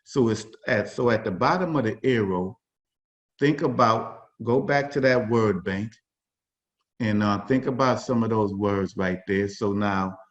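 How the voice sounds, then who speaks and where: A man facilitating a workshop over a video call, talking informally with many fillers and restarts. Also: lowish voice. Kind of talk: conversational workshop talk. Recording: dull lo-fi video call audio.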